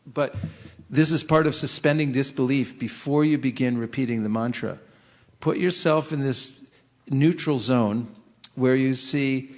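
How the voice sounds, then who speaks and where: A man leading a meditation workshop, talking in a conversational, gently humorous way with frequent restarts. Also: mid-range voice, expressive, a little slow. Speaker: meditation teacher. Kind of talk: workshop teaching. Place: workshop room.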